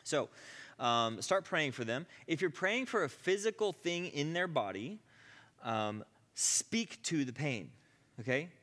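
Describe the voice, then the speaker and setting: A man's voice: on the high side, sing-song, measured pace, fairly bright tone, big-room sound. A man teaching a class on healing prayer in a conversational way, with frequent asides and "okay?" checks. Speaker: ministry teacher.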